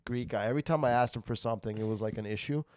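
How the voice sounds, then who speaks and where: Guy on a podcast, smooth clear voice, dry close mic, rants and swears. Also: mid-range voice, very fast, no echo. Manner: animated storytelling, swears a lot, yells when worked up. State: recovering from a cold. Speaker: podcast host, comedian. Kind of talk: casual podcast chat.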